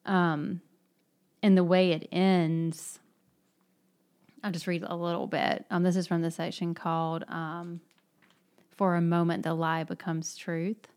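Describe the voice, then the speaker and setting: Woman, somewhat low voice, thoughtful and hesitant, casual book talk. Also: level tone, measured pace, pauses often, a little mellow, clear, resonant tone. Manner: reflective, hesitant with fillers. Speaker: book discussion participant.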